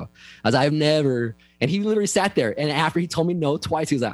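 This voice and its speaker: A man's voice: fairly high pitch, animated, rapid-fire, no room sound. A man talks in a slightly raised voice, emphatic and heavy on swearing. He slips into quoted voices as he tells a story. The sound is dry and close. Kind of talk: casual profane chat.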